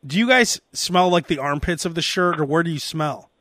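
A man hosting a casual comedy talk show, telling stories in an animated way and breaking into loud impressions. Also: a little high, normal speed, no room sound, clean studio sound. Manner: animated storyteller, barks out impressions. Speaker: podcast host.

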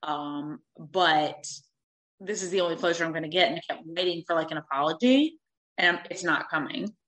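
Bright-voiced woman telling a candid story. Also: sits low, normal speed, rough recording. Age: 30s. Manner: animated, swears freely, acts out quotes.

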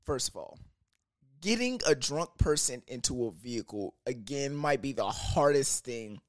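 A young man casually telling a personal story, loose and slangy, with animated asides and frequent laughs. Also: medium pitch, a little slow, no echo.

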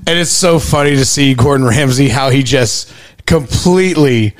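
A man co-hosting a podcast in casual chat, animated and swearing freely as he acts out the people he quotes. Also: medium pitch, moderate pace. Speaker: podcast co-host.

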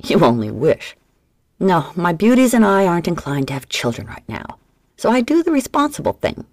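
A woman's voice: on the low side, huge pitch swings, normal speed, a little mellow, dry recording. A woman voicing a wry, nervous male gambler with dry wisecracks.

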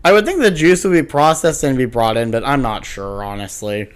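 A man's voice: mid-range voice, clean tone. A man co-hosting a podcast, animatedly retelling cartoon plots in casual chat. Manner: animated retelling, puts on quick voices. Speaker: podcast co-host.

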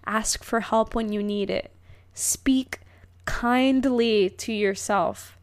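A woman's voice: fairly high pitch, slow pace. A young woman hosting her own podcast, talking casually and rambling, with lots of fillers and self-corrections. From United States. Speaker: podcast host. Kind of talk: casual solo podcast monologue.

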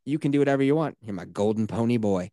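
A male podcast co-host riffs with plenty of swearing and sarcasm, swinging his pitch up and down as he acts out little mocking voices. His voice is close and dry, with no room sound at all. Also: animated, fast talker, warm tone, dry recording. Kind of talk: casual podcast chat.

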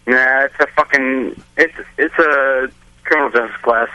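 A man's voice: mid-range voice, a little slow, sharp tone, no room sound, low-quality recording. A drunk young man calling in to a show, swearing a lot, laughing and rambling with slurred speech. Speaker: caller. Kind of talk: call-in chat.

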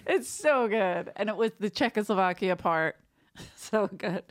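A woman co-hosts a comedy podcast, her pitch swinging widely as she laughs and tells stories. The sound is dry and close, with no room echo. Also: expressive, unhurried. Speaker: podcast co-host. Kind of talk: casual comedic chat.

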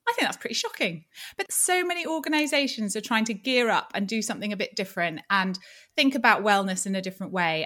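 A woman hosting an interview show, chatting with animated enthusiasm. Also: on the high side. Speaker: podcast host. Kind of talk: casual interview chat.

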